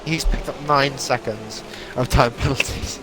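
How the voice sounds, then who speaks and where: A man's voice: medium pitch, fairly even intonation, unhurried, noisy background. A young man doing casual, jokey commentary on a sim racing stream, laughing and swearing now and then while he fights off hiccups. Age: young adult. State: has hiccups. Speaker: race commentator.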